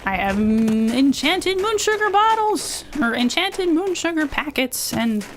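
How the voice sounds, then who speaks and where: A woman's voice: high-pitched, big pitch swings, measured pace, voice pushed up. A woman doing a mock-grand impression of a boastful male game studio boss.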